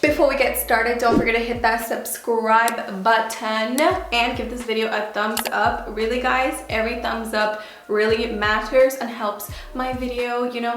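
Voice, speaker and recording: A woman's voice: a little high, fairly even intonation, a little slow, fairly bright tone. A woman hosting a casual try-on vlog at home, playful and chatty, sometimes breaking into song. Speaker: YouTuber. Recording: very echoey room, faint music.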